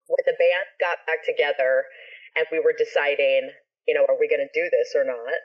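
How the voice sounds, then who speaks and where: A ska musician and actor appears as a guest on a video call, telling a story with animated energy, free swearing, and acted-out quotes. Her voice is deep and a little fast, and the call audio is dull and lo-fi.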